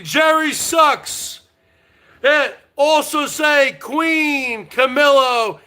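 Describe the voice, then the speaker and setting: A New Jersey man hosting a rowdy livestream. His voice sits very high and bright, and he drags his words slowly as he taunts and swears. He keeps repeating the same jabs and breaks in with whooping shouts. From North Jersey. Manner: loud, combative, profane, repetitive taunting. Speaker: livestream host. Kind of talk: rowdy livestream rant to chat.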